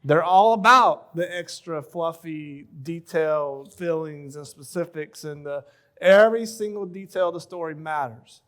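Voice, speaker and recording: A man in his thirties giving a relaxed, joking talk at a church marriage conference, full of everyday stories. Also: on the high side, a little slow, clean tone. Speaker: pastor leading a marriage session.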